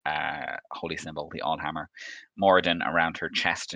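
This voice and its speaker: A man's voice: rumbling low, flat delivery, moderate pace, pushed and bright, dry recording. A man narrating a tabletop game as game master, with frequent laughs and hesitant fillers.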